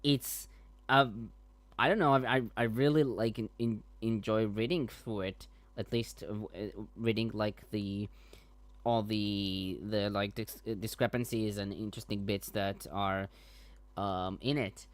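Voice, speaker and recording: A man's voice: fairly low pitch, steady tone, unhurried. A man co-hosting a casual panel chat, talking in a rambling way with many restarts and fillers. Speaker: co-host.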